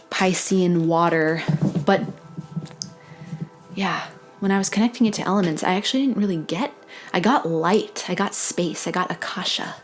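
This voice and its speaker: A woman giving an intuitive tarot reading to camera, talking in a dreamy, meandering way, often correcting herself with soft laughs. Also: medium pitch. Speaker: tarot reader.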